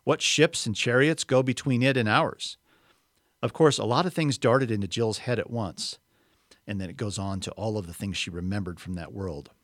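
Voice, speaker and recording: A man reading a story aloud expressively, pausing for explanatory asides. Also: fairly low pitch, dry recording, studio quality. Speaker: reader.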